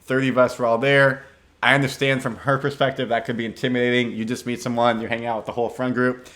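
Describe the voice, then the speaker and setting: A man's voice: medium pitch, level tone, quick pace, a bit bright. A young man hosting a podcast, casually telling a dating story in a laid-back, slangy way with lots of filler words. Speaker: podcast host.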